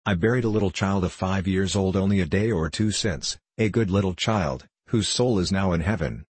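Deep and husky, a man's voice takes on the role of a severe, tall, grim clergyman solemnly questioning a child in a storybook reading. He keeps a moderate pace, and there's no room sound.

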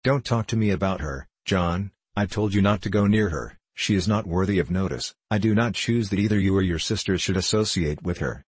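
A stern, cold middle-aged guardian woman, as a man reads her lines in a storybook narration. She speaks harshly and dismissively, in a low, husky voice with a dry, close sound. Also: fairly quick, few pauses, dry recording.

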